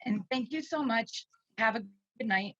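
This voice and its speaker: A woman's voice: fairly high pitch, moderate pace, no echo, lo-fi sound. A woman in her forties, a parent and teacher, crying as she gives an emotional public comment at a meeting. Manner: tearful, pleading, shaky.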